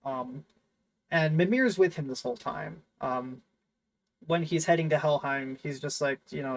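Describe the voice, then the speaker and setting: A man chatting casually as host, rambling through a story with plenty of fillers and restarts. He sounds enthusiastic, and his voice sits a little high for a man. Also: measured pace, vocal fry, poor audio. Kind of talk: casual chat.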